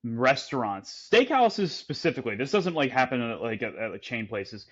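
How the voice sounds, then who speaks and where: A podcast co-host with a medium-pitched, very animated voice tells a story at normal speed in a casual chat. He rambles, restarting often and leaning on fillers. The audio has a breathy edge with the highs cut off.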